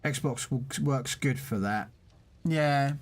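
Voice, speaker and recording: A man's voice: mid-range voice, takes it slowly, a little hiss or hum. Chatty man streaming a game. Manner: chatty, laughs at his own stories. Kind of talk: casual gameplay commentary.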